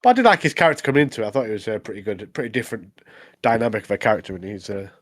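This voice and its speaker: A podcast co-host recaps anime episodes in casual chat, easygoing and laughing often. His fairly low voice is expressive, and he talks very fast.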